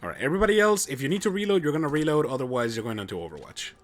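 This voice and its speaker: A man's voice: on the high side, animated, rapid-fire. A young man commentating his own gameplay on a live stream, chatty and joking as he thinks aloud. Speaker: game streamer.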